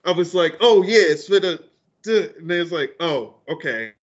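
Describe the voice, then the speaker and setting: A man's voice: fairly high pitch, animated, moderate pace. A man on a casual podcast, telling a story and acting out every line of dialogue, with heavy slang and cursing, recorded in dull lo-fi audio. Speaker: podcast co-host.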